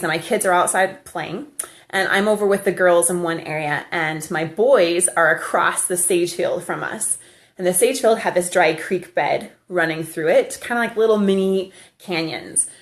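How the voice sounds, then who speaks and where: Woman vlogger, casual storyteller, laughs easily, handheld camera. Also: fairly low pitch. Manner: chatty, laughs often.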